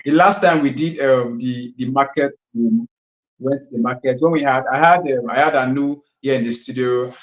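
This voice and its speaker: A man's voice: medium pitch, normal speed, reverberant, rough recording. A man hosting a live session in a studio, chatty and casual, with lots of fillers and frequent laughter. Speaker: host of a live kids' finance session.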